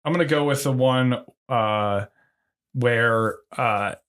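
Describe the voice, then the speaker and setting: A man's voice: mid-range voice, slow pace, fairly bright tone. A man co-hosting a casual comedy podcast who rambles with plenty of swearing and fillers and laughs at his own retellings. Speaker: podcast co-host.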